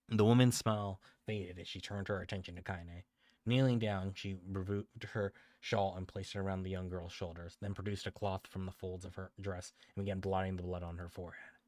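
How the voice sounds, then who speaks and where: Brief: low-voiced male streamer reading a story, dry sound, frequent self-corrections. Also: little pitch movement, a little fast, darkish tone, dry recording.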